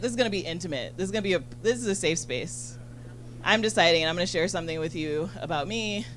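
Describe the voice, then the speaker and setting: A woman doing a stand-up set on a club stage, chatty and bubbly, full of fillers and quick asides to the crowd. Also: mid-range voice, a bit bright, a little hiss or hum. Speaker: stand-up comedian. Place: comedy club stage in front of an audience.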